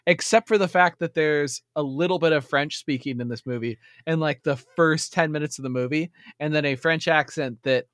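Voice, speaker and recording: A man's voice: fairly high pitch, moderate pace, few pauses, fairly bright tone, dry recording, clean studio sound. A man co-hosting a casual movie review chat, laid-back and joking, trailing off with fillers. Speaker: podcast co-host.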